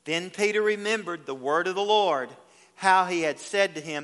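In an evening sermon, a male pastor's high, bright voice fills the church, washed in long hall reverb. He moves between quiet, slow passages and loud, urgent ones, dramatizing the scripture he quotes.

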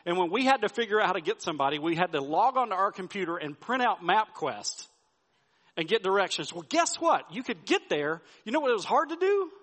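High-voiced pastor preaching. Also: male voice, very animated, fairly quick, fairly bright tone. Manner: storytelling with folksy asides and repeated restarts. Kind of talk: sermon. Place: church sanctuary. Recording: sermon with long hall reverb.

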